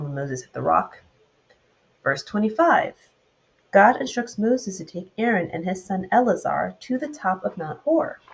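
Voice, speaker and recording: A woman's voice: on the low side, vocal fry, a little mellow, lo-fi sound. A woman with a Southern US accent teaching a Bible study, retelling the verses and then adding loose commentary of her own.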